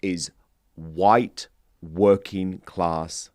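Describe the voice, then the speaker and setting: A man's voice: deep voice, steady tone, drawn-out words, darkish tone, no room sound. A man hosting an interview show, speaking emphatically and opinionatedly into a close mic, often seeking agreement. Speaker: show host.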